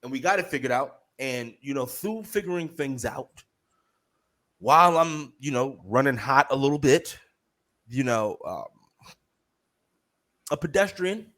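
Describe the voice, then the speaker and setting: A man co-hosting a podcast, telling a story in casual chat, profane and heated, animated as he goes. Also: mid-range voice, a little slow, long pauses. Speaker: podcast co-host.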